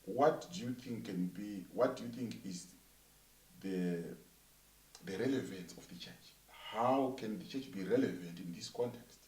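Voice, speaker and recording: A man interviewing a minister, echoing his guest's words and pausing with many fillers. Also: lowish voice, a little mellow, far from the mic. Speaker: interviewer, church coordinator. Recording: echoey room, off-mic.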